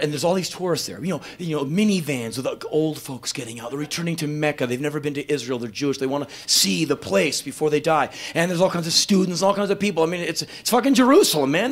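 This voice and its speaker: A man in his fifties telling a profane, animated story as a spoken word performer, breaking into loud shouts. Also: on the high side. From United States. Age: 50s.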